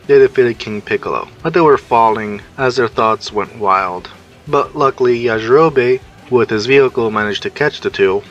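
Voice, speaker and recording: A man's voice: medium pitch, fairly bright tone, highs cut off. A man reading a fan fiction story aloud as narrator, telling it plainly and introducing each character's line.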